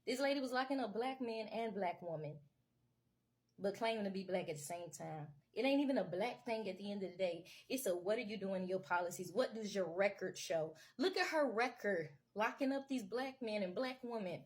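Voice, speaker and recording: A woman's voice: mid-range voice, fairly quick. A woman commentator delivering an impassioned political rant to camera. She talks emphatically and repetitively in casual everyday speech, urging her listeners again and again to wake up. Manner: casual vernacular with lots of y'all.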